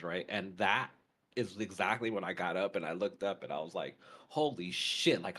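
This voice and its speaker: A man's voice: lowish voice, a bit bright. A man co-hosting a podcast, telling a story in casual chat with lots of fillers and restarts. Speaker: podcast co-host.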